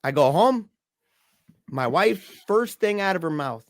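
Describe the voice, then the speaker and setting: Animated man telling a story. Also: high-pitched, unhurried, dry recording, studio quality. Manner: animated, acts out the voices in his stories. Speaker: podcast guest. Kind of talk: casual storytelling in conversation.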